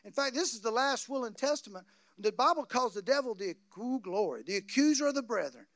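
A male pastor preaching a sermon, swinging from quiet asides to loud, excited bursts. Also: very high voice, a little fast, dry recording, clean studio sound.

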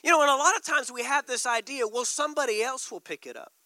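A man pastor preaching a sermon with emphatic delivery, slowing words down for stress. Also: extremely high pitch, bright, forceful tone, no room sound, low-quality recording.

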